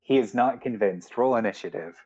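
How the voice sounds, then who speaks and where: A man's voice: mid-range voice, fairly quick, darkish tone, dull audio. A man running a tabletop game as game master on a live stream, hesitant with frequent ums. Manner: hesitant, with many ums and restarts.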